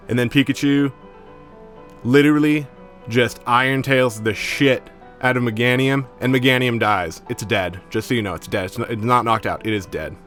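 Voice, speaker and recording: A man's voice: medium pitch, fairly even intonation, moderate pace, a bit bright, faint music behind. Slangy man recapping an anime. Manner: slangy, profane, filler-heavy. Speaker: anime reviewer. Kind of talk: casual episode recap.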